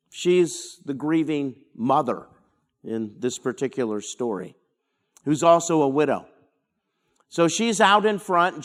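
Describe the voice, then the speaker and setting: Pastor, man, slightly high voice, measured teaching delivery. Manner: unhurried, explanatory, with dramatic pauses. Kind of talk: verse-by-verse Bible study teaching.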